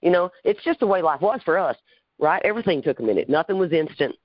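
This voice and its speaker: A man's voice: high-pitched, lively intonation, quick pace, no room sound. Guy hosting a podcast, earnest and chatty, kinda dull dry audio. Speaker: podcast host. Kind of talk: casual interview chat.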